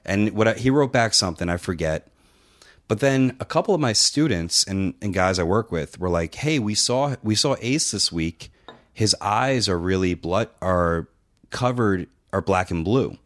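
A man's voice: low-pitched, moderate pace. A middle-aged man hosting a podcast, telling a long, profane story in casual chat and acting out the dialogue. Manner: profane, animated anecdote-telling with quoted dialogue. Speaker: podcast host and wrestling trainer.

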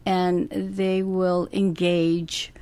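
A middle-aged woman, a hospice nurse, answering interview questions in a slow, gentle, thoughtful way with many restarts. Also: fairly low pitch, little pitch movement, smooth.

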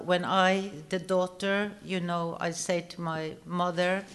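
Older woman, actress, animated anecdote, acted-out quotes, frequent laughter. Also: fairly low pitch, slight background noise. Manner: animated storyteller, acts out quoted lines, laughs often. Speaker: guest actress telling a story. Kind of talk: anecdote to a live audience.

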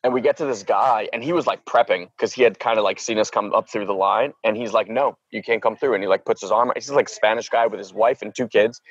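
A man in his thirties telling a story in a casual chat, animated, acting out quoted voices and saying "like" constantly. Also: fairly low pitch, fast talker, hardly any pauses, dry recording, muffled recording. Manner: filler-heavy, says "like" a lot.

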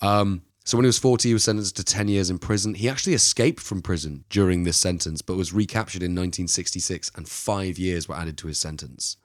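A man's voice: sits low, fairly quick, hardly any pauses, no echo, studio quality. A man co-hosting a casual true-crime podcast, telling the story in a rambling, playful way. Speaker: podcast co-host.

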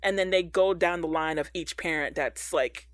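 A woman's voice: low-pitched, moderate pace, no room sound, clean studio sound. A woman co-hosting a casual chat, recapping an episode with slang and frequent laughs. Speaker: podcast co-host.

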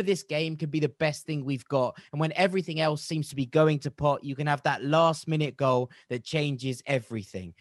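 A podcast host with a voice on the high side recites a rhyming poem on a casual football podcast, then banters and laughs with his co-hosts. The recording is clean studio sound with no room sound.

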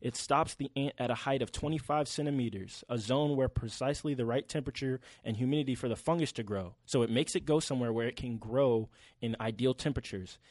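Animated, swearing young man on a podcast. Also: medium pitch, fast talker, few pauses, dry recording. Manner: animated, swears freely, slangy. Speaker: podcast co-host. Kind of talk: casual chat.

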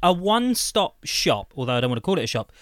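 A man's voice: big pitch swings, fast, no room sound. Guy cohosting a podcast, bouncy voice, keeps restarting, dry close sound. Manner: enthusiastic, pitching ideas with many restarts. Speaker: podcast co-host. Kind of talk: casual chat.

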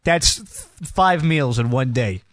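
A man's voice: mid-range voice, lively intonation, slow pace, fairly bright tone, no echo. A young man hosting a casual radio show, teasing his co-hosts and rambling with restarts. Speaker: host.

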